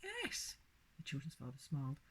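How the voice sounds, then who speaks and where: Breathy woman reading a bedtime story. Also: low-pitched, expressive, moderate pace, a little mellow.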